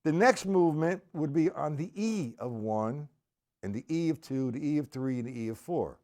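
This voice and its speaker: Between drumming exercises on his live stream, this chatty teacher keeps things casual, talking with viewers and reading comments out loud. He speaks at a normal speed in a warm, animated voice pitched on the high side.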